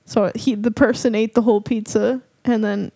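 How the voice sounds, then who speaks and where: A woman co-hosting a casual podcast, retelling posts in an animated way and laughing often. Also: on the high side, normal speed, creaky, no room sound. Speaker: podcast co-host.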